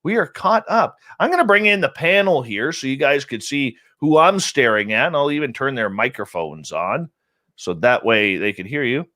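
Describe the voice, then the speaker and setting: A man's voice: medium pitch, animated, moderate pace, pushed and bright. Upbeat joking man hosting a stream. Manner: jokey, upbeat, rambling roll call with teasing nicknames. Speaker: radio show host. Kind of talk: casual live-stream chat, greeting chat room. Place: home studio in central British Columbia.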